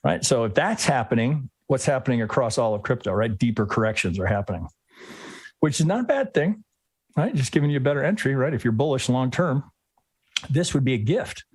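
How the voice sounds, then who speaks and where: A man's voice: medium pitch, very animated, fairly quick, slightly rough, no echo. A man in the middle of his range, walking through a trading chart live. He thinks aloud, restarts his sentences and keeps checking in with "right?". The sound is dry and close, with no room in it. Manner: rambling, thinks aloud, tags lines with "right?"; frequent restarts and self-corrections. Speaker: trading instructor hosting a live chart review. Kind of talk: live screen-share chart analysis.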